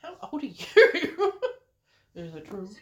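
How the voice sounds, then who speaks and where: A woman's voice: high voice, huge pitch swings, slow pace. A woman co-hosting a podcast, chatting casually, teasing her co-host and swearing while they watch a movie. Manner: laughing, teasing, swears freely.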